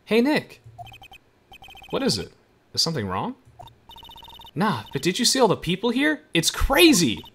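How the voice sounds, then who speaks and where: Man voicing a chirpy, excitable young game sidekick girl, high and bouncy. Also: a little slow, long pauses, slight background noise, heavily acted. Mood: excited.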